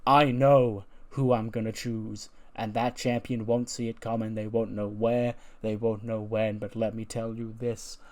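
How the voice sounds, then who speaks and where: A man doing a boastful wrestler's slow, menacing promo. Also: lowish voice, flat delivery, close to an everyday voice.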